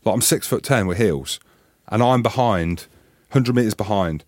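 A man in his thirties, a former rugby player co-hosting a podcast, telling stories in a casual, animated, swearing style and acting out voices. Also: lowish voice, moderate pace, dry recording, studio quality. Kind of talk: casual storytelling chat.

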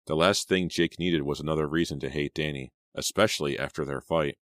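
A man narrating an audiobook in measured scripted narration, close to the mic. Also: a bass voice, dry recording.

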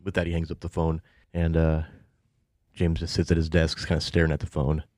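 A man narrating a tabletop game as game master, in a relaxed way with lots of fillers. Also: a bass voice, brisk, no echo, clean studio sound.

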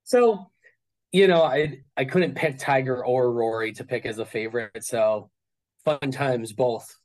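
A man's voice: medium pitch, measured pace, a little mellow, low-quality recording. A man speaking as an interview guest about his collection, talking casually and rambling with many fillers and restarts.

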